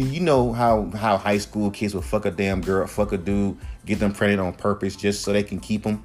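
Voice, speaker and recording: A man's voice: fairly low pitch, a little fast, hardly any pauses. Man in his 30s, podcast host, profane heated rant, casual monologue, faint music behind. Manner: profane, heated, animated storytelling.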